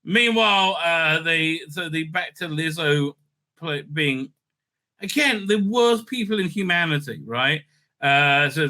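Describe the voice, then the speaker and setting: A man's voice: a little high, lively intonation, takes it slowly, pushed and bright. A man hosting a casual, sardonic episode recap, rambling with many fillers and restarts. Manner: sardonic, mocking. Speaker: host.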